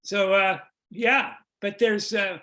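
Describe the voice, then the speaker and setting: An older man guesting on a video-call interview, telling rambling comic stories about a show he wrote, with restarts and quick jokes. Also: sits high, steady tone, a bit bright. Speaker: guest, comedy songwriter. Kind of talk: casual interview chat.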